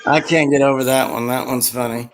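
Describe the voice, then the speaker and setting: A man's voice: mid-range voice, fairly even intonation, a little fast, low-quality recording. Rambling man in casual chat. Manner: rambling, laughs at own stories.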